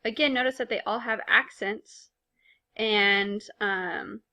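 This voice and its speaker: A woman's voice: medium pitch, slow pace, bright, forceful tone. A woman teaching a recorded language lesson in a patient, explanatory way, speaking with casual fillers. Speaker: Spanish teacher.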